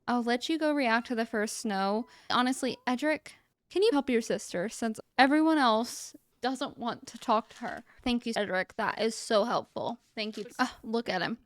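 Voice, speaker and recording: A woman's voice: on the high side, moderate pace, dry recording. A young woman hosting a casual gameplay commentary, chatty and amused, talking to the game characters as she plays. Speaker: let's-play host.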